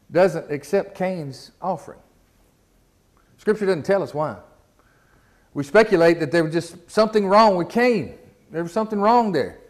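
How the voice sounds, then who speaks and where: A man preaching a sermon in a folksy, casual way, often repeating words and asking the congregation questions. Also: sits high. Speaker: pastor. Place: church.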